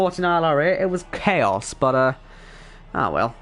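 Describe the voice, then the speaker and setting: A man, hoarse and worn out, casually wrapping up an esports race stream and chatting with viewers. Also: fairly high pitch, lively intonation, moderate pace, a bit bright. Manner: chatty, reads chat aloud, self-deprecating. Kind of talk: casual stream sign-off commentary.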